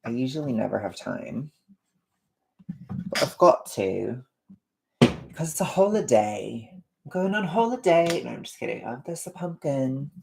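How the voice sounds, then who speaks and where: A chatty woman rambles her way through a home livestream while she cooks, poking fun at herself as she goes. Her voice has a gravelly, fry-heavy edge. It sounds like it was caught in a bare, echoey kitchen with plenty of noise behind her. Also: rumbling low. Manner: chatty, self-deprecating, rambling. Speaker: livestreaming vlogger. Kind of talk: casual livestream chat while cooking.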